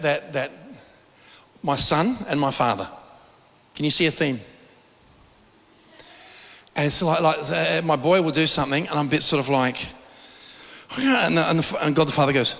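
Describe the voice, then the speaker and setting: A man's voice: a little high, gravelly, a bit bright. A middle-aged man preaching a conversational sermon, informal and often repeating words as he searches for the phrasing. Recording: long reverb of a large hall.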